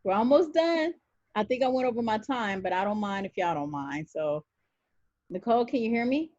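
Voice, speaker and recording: A woman's voice: on the high side, moderate pace, dry recording. Woman host, easygoing advice-giver on a stream, dry dull call audio. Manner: relaxed, reassuring, folksy. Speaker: natural hair stylist hosting a live Q&A. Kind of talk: casual live-stream advice chat.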